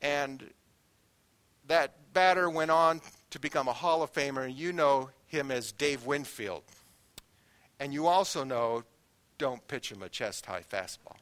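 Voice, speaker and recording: A man's voice: medium pitch, a little slow, clean tone. A middle-aged man preaching a sermon in a church, telling folksy anecdotes and acting out the people in them. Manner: folksy anecdotes, animated quoted voices. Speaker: guest preacher. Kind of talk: sermon with storytelling.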